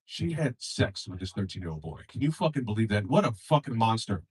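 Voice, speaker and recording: A man's voice: lowish voice, sing-song, fairly quick, darkish tone, husky, recorded from a distance. A young man doing a loose, profane stand-up set, acting out characters in shifting voices. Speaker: stand-up comedian.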